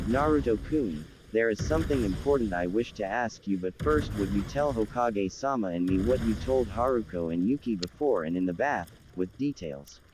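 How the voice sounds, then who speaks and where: Man reading a story aloud in an even, low voice. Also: noisy background. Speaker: fan fiction reader.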